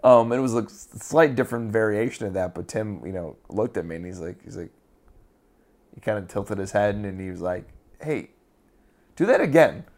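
A man's voice: lowish voice, a little fast, a little mellow. A man who is an actor, casually telling an interviewer a story, rambling with many fillers and restarts.

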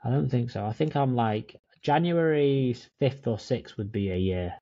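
A laid-back man chats on a podcast with his co-host, swearing now and then and calling him mate. His voice is mellow and dark. The sound is dry and a little dull. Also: mid-range voice, moderate pace, dry recording. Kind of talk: casual chat. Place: in Dublin, remote call.

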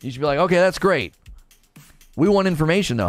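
A man in his thirties hosting a podcast in casual chat, animated and excitable, acting out quotes in his own voice. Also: a little high, fast, no echo, faint music behind. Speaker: podcast host.

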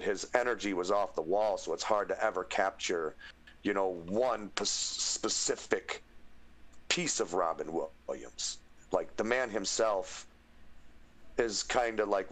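A man's voice: deep voice, normal speed, fairly bright tone. A man from the United States chatting casually on a stream about doing voice impressions, rambling with lots of fillers and restarts.

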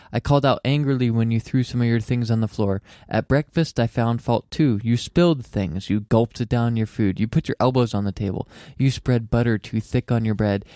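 A young man with a mellow, dark, smooth voice reads aloud in an earnest, measured way. He is recorded close on a dry podcast mic, with no room sound. Between readings he talks casually as a co-host. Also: medium pitch, no room sound.

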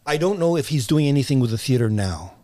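A man's voice: mid-range voice, animated, fast, dark tone, no echo. An older man, a playwright guest on an interview show, telling stories reflectively, with many fillers and restarts. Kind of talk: conversational interview.

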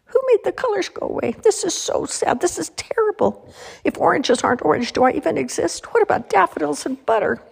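A woman voicing a box of excitable, childlike crayons in a storybook reading, high and frantic. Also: fairly quick, gravelly, full character voice. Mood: dismayed.

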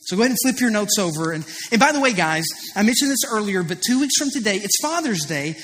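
A man's voice: sits high, expressive, fast talker, fairly bright tone. A man in his thirties preaching a sermon as pastor, earnest and confessional, telling stories with rising emphasis. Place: church auditorium. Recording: preached in a large reverberant hall.

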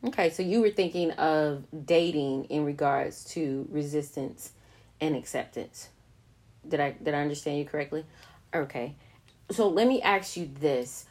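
A middle-aged woman with a low voice hosts a casual podcast. She talks in a measured, reflective way, often restarting her sentences with fillers. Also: a little mellow. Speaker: podcast host.

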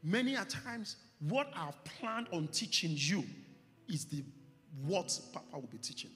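Pastor preaching in a reverberant hall. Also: male voice, high-pitched, big pitch swings, fairly bright tone. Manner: preaching with rising emphasis and slow stressed phrases. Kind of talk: sermon. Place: church hall. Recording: church hall reverb with music behind.

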